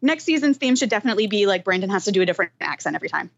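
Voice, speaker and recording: A woman guest on a podcast, chatting and laughing in a lively, casual way. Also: medium pitch, rapid-fire. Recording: dull, lo-fi sound.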